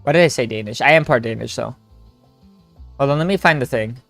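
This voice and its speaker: A man's voice: medium pitch, a little fast, gravelly, fairly bright tone. A young man streaming a story game with friends, joking, laughing and rambling in casual chat. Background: faint game music.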